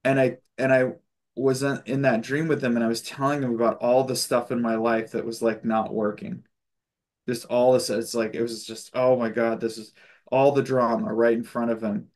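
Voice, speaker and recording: A man's voice: mid-range voice, level tone, normal speed, darkish tone. A man leading a spiritual discussion group on a video call, telling stories in a loose, chatty way with fillers and restarts and an occasional chuckle. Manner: loose storytelling with frequent fillers and self-corrections.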